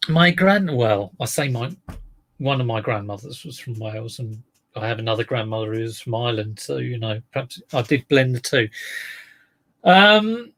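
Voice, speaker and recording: Guy rambling on a live stream, gravelly and husky, takes his time with the words. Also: mid-range voice, a bit bright. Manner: unhurried and chatty, talks straight to the viewers. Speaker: reseller streaming live to viewers.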